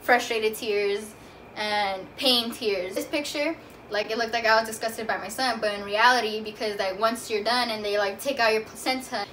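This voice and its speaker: A woman's voice: a little high, fairly even intonation, normal speed, a bit bright. A young woman casually telling a personal story in a vlog, talking loosely with lots of fillers. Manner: casual, chatty, many "like" fillers. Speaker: vlogger. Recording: from a distance, faint room noise.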